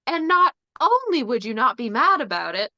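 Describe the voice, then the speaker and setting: A man's voice: very high-pitched, big pitch swings, normal speed, pushed and bright, dry recording, full character voice. A woman voicing a boastful man who makes a bet in a bar joke, told in her own everyday voice with a sly delivery over a dull, lo-fi recording. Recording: dull lo-fi sound.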